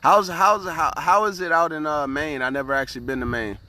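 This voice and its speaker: A man's voice: fairly high pitch, steady tone, fairly quick, bright, forceful tone. A man hosting a casual motivational live stream, speaking earnestly, repeating words and often asking "right?" as he greets viewers by name.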